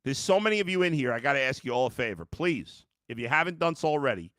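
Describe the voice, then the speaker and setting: A man's voice: mid-range voice, quick pace, few pauses, fairly bright tone, no echo, studio quality. A man hosting a live sports podcast, worn out and frustrated, talking bluntly with some swearing while reading fan comments. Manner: exasperated, blunt, profane, reads fan comments aloud. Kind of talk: live-streamed sports reaction.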